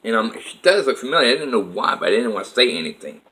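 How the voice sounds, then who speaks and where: Animated man rambling through a story. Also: mid-range voice, quick pace, rough recording. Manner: rambling, emotional retelling with many restarts. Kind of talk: personal life story told to camera.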